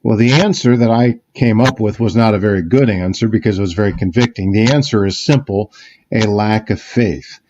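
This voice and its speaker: A man delivers a church sermon in a mellow, unhurried voice, pausing with fillers and restarting his thoughts as he reasons aloud. The recording is dull and lo-fi, like a church service capture. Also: on the low side, a little hiss or hum. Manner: reflective, with frequent fillers and restarts. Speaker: pastor. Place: church sanctuary.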